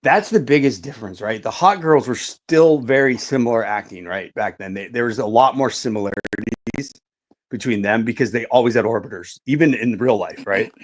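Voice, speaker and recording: A man's voice: medium pitch, normal speed. A middle-aged man telling a story in casual podcast chat, swearing a lot and saying "like" and "right" often.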